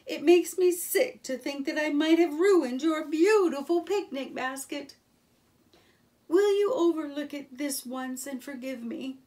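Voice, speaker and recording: A woman's voice: high-pitched, unhurried, darkish tone, far from the mic, voice pushed up. A woman reading aloud and voicing a humble young male mole who speaks in an earnest, pleading way. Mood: remorseful.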